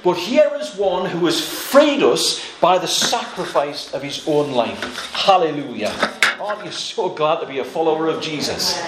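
A man preaching a sermon, telling a story with asides and little laughs, and slowing down to stress key words. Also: fairly high pitch, very animated, echoey room, background noise.

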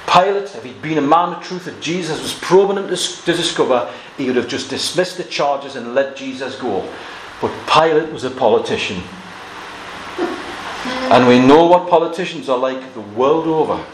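A man's voice: medium pitch, expressive, moderate pace. A man preaching an expository sermon, reading scripture aloud and explaining it verse by verse. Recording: echoey room with faint noise.

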